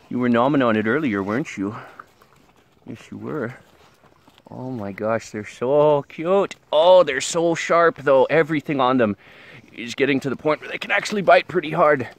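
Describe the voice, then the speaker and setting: A man vlogging outdoors on a ranch into a handheld camera, tired and sweaty, cooing excitedly at puppies. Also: moderate pace. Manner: excited, coos at puppies in a high voice. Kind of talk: casual vlog.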